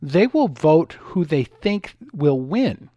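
A middle-aged male radio host tells stories in a lively, sing-song voice that sits a little high for a man. The studio sound is dry, with faint music underneath. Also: slow pace, no echo, highs cut off. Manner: animated, acts out voices in anecdotes. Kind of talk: talk radio monologue with storytelling.

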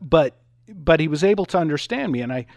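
Animated male talk radio host. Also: a little high, brisk, creaky, no echo, studio quality. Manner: animated, acts out voices in anecdotes. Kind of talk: talk radio monologue with storytelling.

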